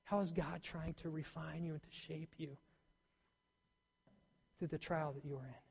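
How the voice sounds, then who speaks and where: A male pastor preaching a sermon in a church, swinging between loud emphatic peaks and soft near-whispers. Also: on the high side, level tone, moderate pace, gravelly, breathy edge. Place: church hall. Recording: long hall reverb.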